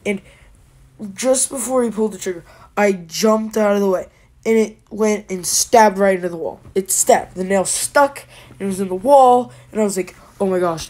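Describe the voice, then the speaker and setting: A woman telling a rambling comic story, animated and breathless, with many repeated words, sudden drops to a whisper and siren noises. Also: medium pitch. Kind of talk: comedic improvised story time.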